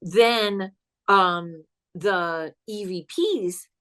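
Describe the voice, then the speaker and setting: A woman guesting on a podcast as a psychic comedian, telling a spooky story in an animated, chatty way and laughing as she goes. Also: medium pitch, drawn-out words. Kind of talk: casual storytelling chat.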